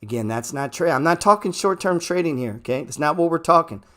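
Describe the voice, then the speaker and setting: A man hosting an unscripted stock market show, blunt and profane, repeating phrases for emphasis and swinging between loud bursts and low mutters. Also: animated, brisk.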